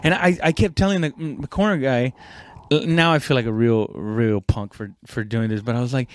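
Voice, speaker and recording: A man's voice: medium pitch, steady tone, fairly quick, no echo. A young man casually telling a story about fighting, rambling and profane, with lots of restarts and fillers.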